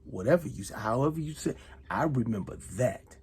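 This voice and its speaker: Middle-aged man, very husky gravelly voice, dark tone, heated accusing monologue, loud then hushed. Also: mid-range voice, expressive, a little fast. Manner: accusatory, repeats himself, swings between loud and hushed. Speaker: retired soldier vlogger. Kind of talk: heated monologue addressed to one person.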